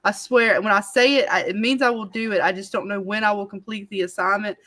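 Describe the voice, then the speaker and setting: Woman host of a casual live stream, lively and rambling, quick to laugh. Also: mid-range voice. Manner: animated, laughing, rambling with many fillers. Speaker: channel host.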